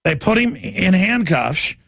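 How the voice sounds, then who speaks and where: Male radio host, gravelly and high-pitched, urgent rambling monologue, dry close sound. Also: very animated, slow, fairly bright tone, dry recording. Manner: urgent, rambling, addresses listeners as folks. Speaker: radio talk show host.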